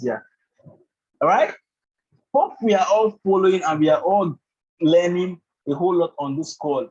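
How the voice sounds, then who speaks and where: A man's voice: a little high, moderate pace, darkish tone, breathy edge, lo-fi sound. A man teaching a live online trading bootcamp on a group call. He keeps checking in with his listeners, asking "do you understand?" and "right?", and he often says "actually". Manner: leans heavily on "actually" and "all of that". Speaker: trading instructor.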